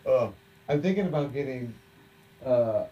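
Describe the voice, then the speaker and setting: A man's voice: mid-range voice, animated, a little slow, distant mic, muffled recording, noisy background. A man co-hosting a casual podcast over drinks, joking, laughing often and swearing casually. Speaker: podcast co-host.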